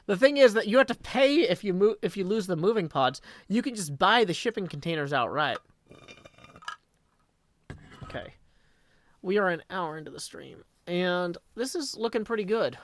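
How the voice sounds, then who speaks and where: A tired man chatting casually on a live game stream, rambling, correcting himself and thinking out loud. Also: sits high, lively intonation, normal speed, long pauses, a little hiss or hum. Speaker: Minecraft streamer.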